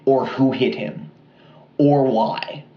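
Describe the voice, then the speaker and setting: Pria bercerita santai, ruangan bergema. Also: male voice, medium pitch, takes it slowly, echoey room, highs cut off. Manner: relaxed, many fillers and asides. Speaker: podcast co-host. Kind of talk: casual true-crime storytelling.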